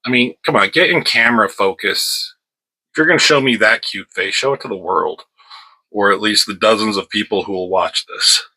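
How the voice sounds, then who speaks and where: Casual bright-voiced man reviewing comics. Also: on the low side, normal speed, slightly rough, rough recording. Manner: rambling and offhand, stops to scold his cat.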